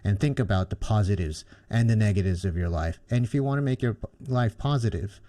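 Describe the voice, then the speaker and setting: Mellow-voiced man hosting a podcast. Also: on the low side, fairly quick. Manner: thoughtful, rambling, many fillers. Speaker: podcast host. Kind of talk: podcast interview.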